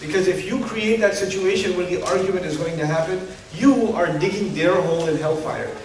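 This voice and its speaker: A man with a fairly high voice delivers an Islamic lecture to a live audience, animated and humorous and full of rhetorical questions. He is heard from a distance in a strongly echoing lecture hall. A faint hum of the room sits behind him. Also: a little fast. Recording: echoey hall, distant mic.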